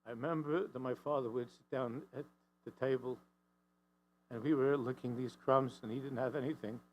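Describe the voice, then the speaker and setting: A man's voice: moderate pace, lo-fi sound, a little hiss or hum. A man giving a storytelling sermon, acting out the characters' lines with frequent restarts and repeated words. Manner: animated storyteller, voicing the characters' lines with rising pitch and force. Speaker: rabbi giving a talk.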